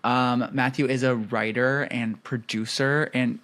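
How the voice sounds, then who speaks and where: A man's voice: mid-range voice, fairly even intonation, measured pace, fairly bright tone. A man co-hosting a casual chat podcast, rambling with lots of hesitations and giggles. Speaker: podcast co-host.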